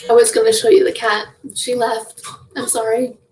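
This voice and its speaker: A young woman chats easily as an interview guest. Her voice sits a little high, and she laughs often between phrases as she tells her stories. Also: flat delivery, normal speed, darkish tone, distant mic, low-quality recording. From Canada. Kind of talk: casual interview chat.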